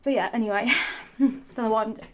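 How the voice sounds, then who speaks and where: A woman's voice: a little high, fairly even intonation, brisk, darkish tone. A young woman, ranting into the camera in a sarcastic, sassy, rambling way and swearing freely. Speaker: vlogger. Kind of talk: ranting casual monologue.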